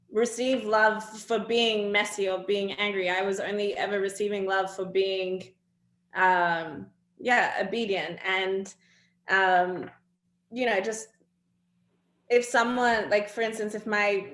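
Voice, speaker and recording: A woman's voice: medium pitch, a bit bright. Reflective woman in an echoey room. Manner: earnest, reflective, quick to laugh. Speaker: interview guest. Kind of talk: candid personal talk.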